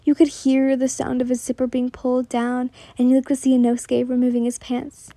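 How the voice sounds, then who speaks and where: A young woman reading a second-person fan fiction story aloud in a soft voice that often drops to a whisper, stumbling and restarting lines. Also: sits high, completely flat delivery, normal speed, dry recording. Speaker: story narrator.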